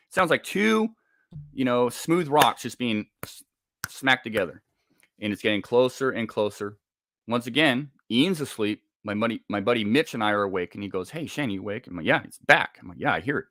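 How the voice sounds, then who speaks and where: A middle-aged man from Scotland telling a personal story in a halting, casual way, repeating words as the tension builds. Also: medium pitch, a bit bright, no echo, studio quality. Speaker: guest telling an encounter story.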